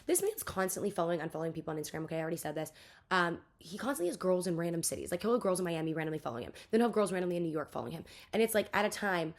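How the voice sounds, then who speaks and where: Fast-talking young woman ranting. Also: lowish voice. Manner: fast, chatty, swears a lot, lively mock voices. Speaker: vlogger. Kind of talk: casual storytime rant.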